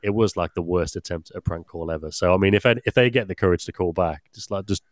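A young man tells a story in loose, rambling podcast chat. His voice sits low, with a dry, close recording. He swears casually as he talks. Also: quick pace, no echo. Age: young adult. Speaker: podcast regular.

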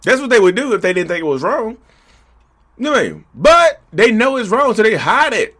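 A man speaking to camera in a fairly high voice that swings widely in pitch. He talks casually and preaches a little, addressing his viewers again and again. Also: big pitch swings, a little fast, fairly bright tone. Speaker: vlogger.

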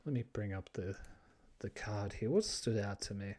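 Excitable swearing male podcast host. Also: lowish voice, moderate pace. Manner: excitable, swears freely, many fillers and restarts. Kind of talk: casual solo podcast chat.

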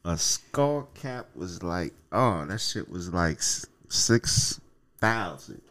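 A man's voice: sits low, sing-song, slow, fairly bright tone. A man co-hosting a podcast, talking in loose, jokey slang with plenty of swearing. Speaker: podcast co-host. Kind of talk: casual podcast chat.

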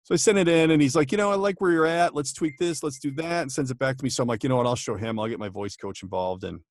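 A man's voice: mid-range voice, fast talker, no room sound, studio quality. A man, a voice actor, telling stories in a casual podcast chat, laughing often and restarting his sentences. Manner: chatty, laughing storyteller with many restarts. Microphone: home studio microphone.

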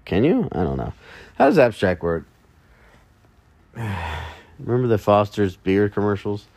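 A man's voice: lowish voice, sing-song, a little slow, a little mellow, dry recording. A man hosting a solo podcast, rambling casually and mocking himself with jokey asides in the early morning. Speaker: podcast host.

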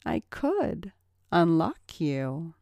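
A woman's voice: sits low, big pitch swings, very slow, darkish tone, no room sound, clean studio sound, heavily acted. A woman voicing a bossy young woman who teases and commands her partner. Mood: teasing. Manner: teasing, commanding. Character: bossy young woman, teasing dominant mistress.

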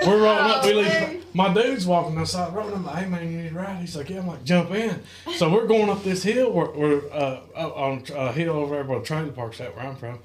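A man's voice: a little high, a little fast, a crowd in the background. A man from Kentucky, a guest in a studio, telling stories in a casual chat, laughing and acting out the people in them. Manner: animated, laughing storyteller acting out voices. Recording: echoey studio with loud noise.

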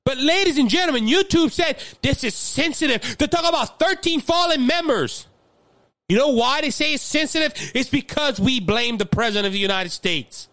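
A man's voice: very high-pitched, a bit bright, no echo, studio quality. A man with a Louisiana accent hosting a political commentary show, impassioned and fiery, often repeating words as he builds steam. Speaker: podcast host.

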